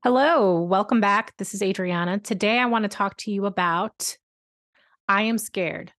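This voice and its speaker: A woman's voice: mid-range voice, normal speed, a bit bright. Therapist lady talking on her podcast, earnest and candid, lots of ums and likes. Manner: earnest, candid, storytelling with fillers. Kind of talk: conversational podcast monologue.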